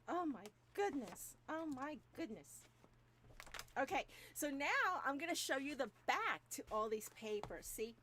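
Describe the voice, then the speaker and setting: A woman hosting a papercraft channel, chatting casually with viewers, animated and gushing, and laughing often. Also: fairly high pitch, slight background noise. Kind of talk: casual chat to live viewers. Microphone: new microphone, moved closer.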